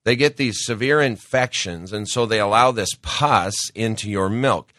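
A man's voice: on the low side, unhurried, pushed and bright, dry recording, studio quality. Folksy talk-radio man with a cold. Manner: folksy, rambling, with preachy asides. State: sick, voice off from a cold. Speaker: radio show host and business owner. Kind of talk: casual talk-radio monologue.

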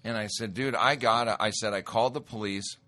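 A man telling a true story in a casual, animated way, acting out his own lines of dialogue. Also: lowish voice, fairly quick.

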